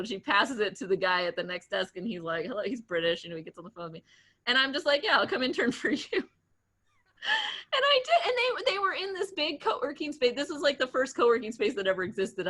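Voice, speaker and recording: A woman in her late thirties, appearing as a guest entrepreneur, tells stories in a casual interview with a chatty, animated manner. Her mid-range voice is full of laughter, fillers and restarts.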